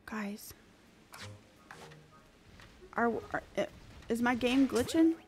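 A woman, chatting excitably with viewers while she streams a game. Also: on the high side, slow, soft background music. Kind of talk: casual live-stream chat.

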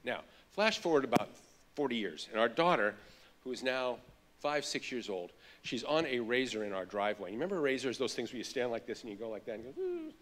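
A man's voice: medium pitch, a little fast, slight background noise. A middle-aged man, a child psychologist, giving a keynote lecture and telling stories with animation. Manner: animated storytelling.

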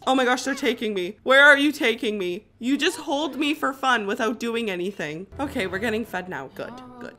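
A young woman giving casual, excitable commentary while playing a life-simulation game. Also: on the high side. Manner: excitable, exclaiming and chatty. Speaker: gaming YouTuber.

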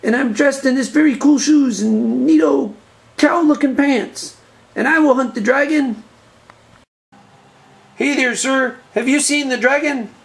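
A man voicing an earnest nerdy boy with glasses and a BB gun in a home-made comedy movie, delivering lines deadpan. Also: very high voice, unhurried, creaky, pauses often, exaggerated voice. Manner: deadpan, plodding announcement-style lines.

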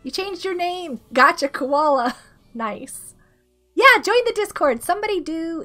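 A woman in her thirties, sick with a rough throat, chatting casually and giggling as she greets viewers during a game stream. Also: extremely high pitch, expressive, a little slow, sharp tone. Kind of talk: casual live-stream chat while gaming. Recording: faint music behind the voice.

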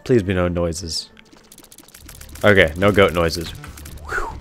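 A man's voice: deep voice, steady tone, takes it slowly, fairly bright tone, faint music behind. A young man casually commenting on his own gameplay, rambling, correcting himself and laughing often, on a headset mic. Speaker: gaming video host.

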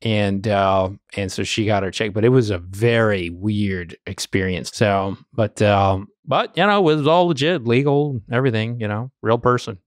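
A man's voice: fairly low pitch, normal speed, hardly any pauses, no echo, clean studio sound. A man co-hosting a podcast in casual chat, telling stories with many restarts. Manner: rambling storyteller with many restarts. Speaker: podcast co-host, bourbon collector.

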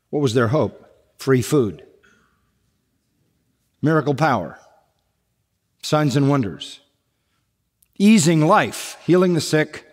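Emphatic preacher man in a big echoing hall. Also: fairly high pitch. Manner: emphatic, repeats key phrases. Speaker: pastor. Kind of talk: sermon. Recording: long echo of a large hall.

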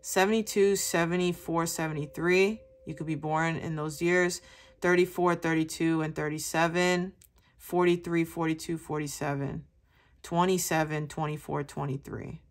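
A woman's voice: low voice, fairly even intonation, normal speed. A woman giving a chatty, casual tarot reading to her viewers, calling them baby and swearing offhandedly. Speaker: tarot reader.

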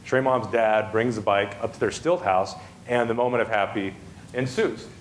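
A man's voice: fairly low pitch, normal speed, slight background noise. A man giving a humorous storytelling talk on a festival stage, chatty and self-amused, with many asides and restarts. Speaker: festival speaker.

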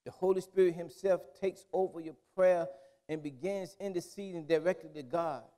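A man preaching a sermon as pastor, in emphatic call-and-response style that builds to loud, drawn-out declarations. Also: sits high, steady tone. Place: church sanctuary. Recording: long reverb of a church hall.

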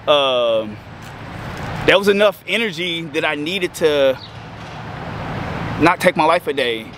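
A man in his thirties telling his recovery story emotionally, halting and choking up, with frequent restarts. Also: fairly high pitch, animated, a bit bright. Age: 30s. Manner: halting, choked up, breaks off with restarts. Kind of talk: emotional personal testimony. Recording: outdoor street noise with passing cars.

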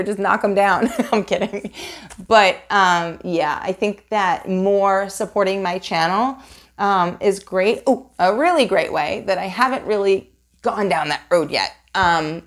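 A middle-aged woman from Long Island with a light New York accent softened by Southern California, chatting casually and animatedly in a Q&A vlog about her art. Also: medium pitch. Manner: chatty and animated, frequent fillers and laughs. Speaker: resin art YouTuber.

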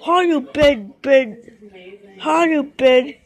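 A high-voiced woman acts out a toy play, jumping quickly between many voices. She's excitable, flipping from shouts to mutters.

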